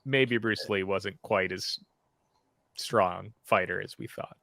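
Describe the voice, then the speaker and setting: A man co-hosting a casual movie review chat, enthusiastic and quick to laugh. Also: low-pitched, gravelly, sharp tone, no room sound. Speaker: podcast co-host.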